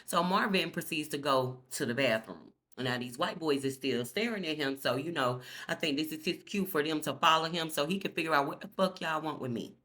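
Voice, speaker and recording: A woman's voice: sits low, a little fast, hardly any pauses, fairly bright tone. A woman giving a casual TV episode recap, chatty and gossipy, swearing freely and talking straight to her viewers. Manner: chatty, gossipy and profane, addressing viewers directly. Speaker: TV recap vlogger.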